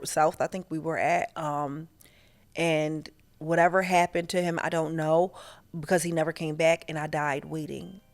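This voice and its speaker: A woman hosting her own show, talking straight to listeners in a loose monologue. She is candid and animated, with plenty of slang and profanity. Her voice sits a little low for a woman. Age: adult, past her teens. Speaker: podcast host. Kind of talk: casual spiritual monologue.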